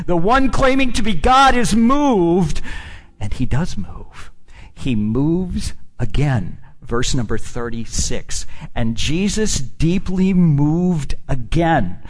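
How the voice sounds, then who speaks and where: A middle-aged man preaching a sermon, swinging from hushed near-whispers to loud, emphatic peaks. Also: a little high.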